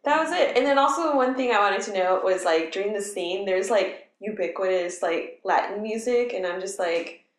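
A woman co-hosting a casual show recap, talking in a relaxed way with many fillers. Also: mid-range voice, normal speed, reverberant. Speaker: podcast co-host.

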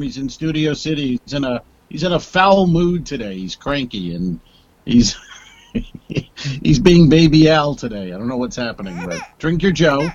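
A man's voice: mid-range voice, muffled recording. A man co-hosting a comedy podcast, teasing and rambling in casual chat. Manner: teasing, rambling, mock-offended. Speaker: podcast co-host.

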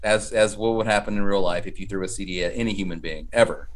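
A man's voice: fairly low pitch, quick pace. A man co-hosting a horror podcast, chatting jokily about a film with lots of fillers. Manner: animated, jokey, hesitant fillers. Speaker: podcast co-host. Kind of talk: casual chat about a film.

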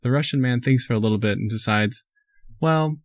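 A man co-hosting a casual chat, telling jokes in a deadpan way. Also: lowish voice, fast talker, no echo.

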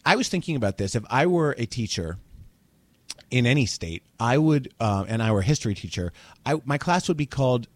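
A man's voice: mid-range voice, sing-song, a little fast, no room sound. Chatty, irreverent man in his forties. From New Jersey. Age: 40s. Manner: chatty, irreverent, swears freely. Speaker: podcast co-host. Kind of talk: casual chat.

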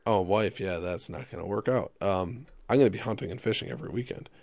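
A man's voice: low voice, fast talker, vocal fry, darkish tone, a little hiss or hum. A young man co-hosting a casual radio chat, rambling and self-deprecating as he jokes. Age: young adult. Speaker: co-host.

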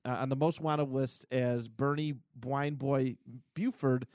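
A man co-hosting a comic book podcast, retelling scenes casually with many pauses and fillers. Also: medium pitch, fairly even intonation, a little mellow, no echo, studio quality. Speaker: podcast co-host. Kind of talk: casual chat.

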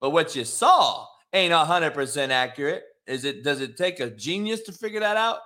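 A man's voice: a little high, expressive, moderate pace, pushed and bright. A middle-aged man and former coach hosting a show, ranting in a brash, profane way and mocking commenters. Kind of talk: profane live-stream rant.

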